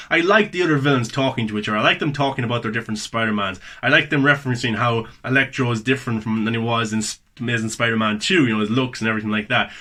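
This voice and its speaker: Bright-voiced enthusiastic male movie reviewer. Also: medium pitch. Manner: enthusiastic, repeats words for emphasis. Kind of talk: casual spoken movie review.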